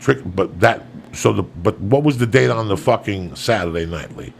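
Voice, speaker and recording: Gravelly, profane podcast host telling stories. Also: male voice, fairly low pitch, moderate pace, a little hiss or hum. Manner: profane, animated storyteller who drops to hushed tones for quotes. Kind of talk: casual podcast storytelling.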